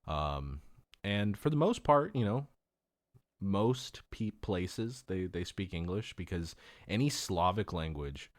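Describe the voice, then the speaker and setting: Host, male, 30s, deep voice, casual and sweary, tight dry sound. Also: expressive, slow, no echo. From California. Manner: loose, swears often, laughs easily. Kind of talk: casual profane chat.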